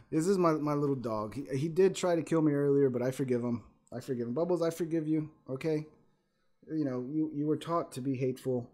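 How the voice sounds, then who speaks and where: A man's voice: mid-range voice, dark tone. A man casually commenting on a video at home, laughing, swearing and mocking as he talks to his dog.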